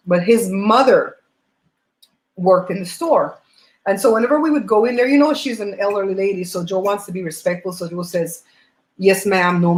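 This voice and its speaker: A woman hosting a livestream, chatting and telling stories in an animated way while eating at home on a laptop mic. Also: on the low side, roomy sound, poor audio. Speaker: host.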